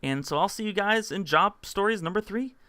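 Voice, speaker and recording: A man's voice: sits high, animated, brisk, sharp tone, dry recording. A young man casually telling a rambling story to camera, full of fillers and acted-out quotes. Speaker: vlogger.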